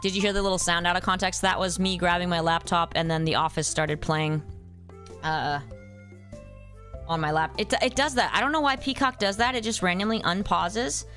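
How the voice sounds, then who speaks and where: A young woman plays a game live, chatting casually, getting sidetracked, and greeting her chat by name, humming playful nonsense as she plays. Her voice is fairly low and fairly bright at a moderate pace, with soft background music behind her.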